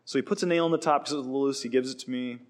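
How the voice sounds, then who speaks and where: A man preaching a sermon, telling stories in an animated way and acting out quoted lines. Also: medium pitch, very fast. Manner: animated storytelling with acted quotes. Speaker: pastor.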